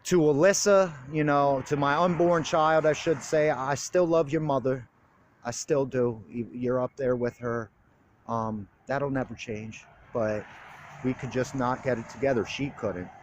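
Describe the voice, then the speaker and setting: An earnest young man in recovery speaks his heart in a blunt, casual, street-flavored monologue, swearing freely. His voice sits at an ordinary middle pitch, with a faint hiss of noise under it. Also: steady tone, measured pace. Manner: plain-spoken, open about his feelings.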